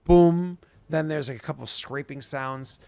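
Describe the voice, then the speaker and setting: A man's voice: mid-range voice, steady tone, brisk, gravelly, a bit bright. A man narrating as game master, rambling, with restarts and sounds acted out. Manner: rambling, many fillers and restarts, vivid sound effects.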